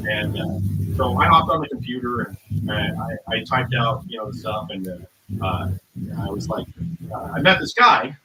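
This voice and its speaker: A man's voice: mid-range voice, lively intonation, moderate pace. A man, a musician guest, telling a story casually in a rambling way, with many fillers and acted-out quotes. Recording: roomy, noisy recording.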